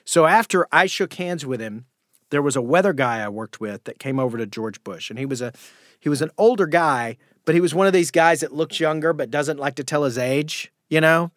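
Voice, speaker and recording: A man chats on a podcast about doing impressions. He tells stories with animated turns and dips into other voices. The voice sits close and dry, with no room sound. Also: a little high, fairly quick, dry recording. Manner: animated storyteller who slips into impressions. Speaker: guest impressionist. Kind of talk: casual podcast chat.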